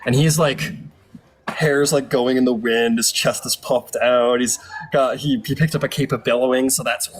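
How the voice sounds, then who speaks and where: A man's voice: mid-range voice, fairly even intonation, normal speed, slightly rough. A man narrating as game master in a loose, rambling way, full of fillers. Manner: rambling, filler-heavy, casual.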